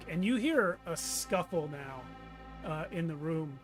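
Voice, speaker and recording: A man narrating a tabletop game as game master, unhurried, with many fillers. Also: on the high side, animated, over music.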